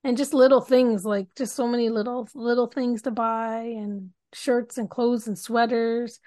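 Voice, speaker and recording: Chatty higher-voiced woman, dry sound. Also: steady tone, unhurried, dark tone, no room sound. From Canada. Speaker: podcast co-host. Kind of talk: casual chat.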